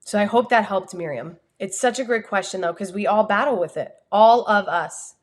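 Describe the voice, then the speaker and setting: A woman with a New Jersey accent, a communication coach giving an energetic, expressive motivational talk on a livestream. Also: medium pitch, moderate pace. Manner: energetic, expressive, talks with her hands.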